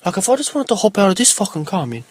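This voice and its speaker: A man's voice: high-pitched, sing-song, racing, no room sound, voice pushed up. A man putting on the voice of a cocky young street bro who drawls and throws slang into every line. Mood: swaggering. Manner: drawling, swaggering, peppered with slang.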